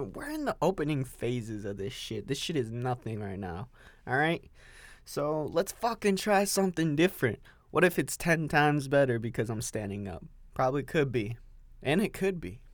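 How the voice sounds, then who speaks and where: A man's voice: mid-range voice, lively intonation, normal speed, dry recording. A young man hosting a solo podcast, rambling and swearing, repeating himself as he talks while standing with a coffee. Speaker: podcast host.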